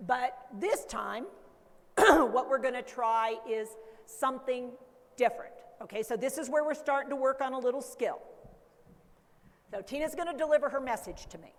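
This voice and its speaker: Lively woman teaching in a reverberant hall. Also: high voice, moderate pace, slight background noise. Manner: lively, coaxing the audience into hands-on exercises. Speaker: dementia care educator. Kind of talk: conference workshop talk. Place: conference hall.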